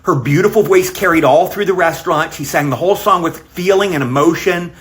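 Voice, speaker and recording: A man's voice: on the high side, brisk. Older man rambling through a fond story. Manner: rambling, warm storytelling with fillers. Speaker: actor sending a video greeting. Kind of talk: casual recorded message. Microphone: self-recorded video.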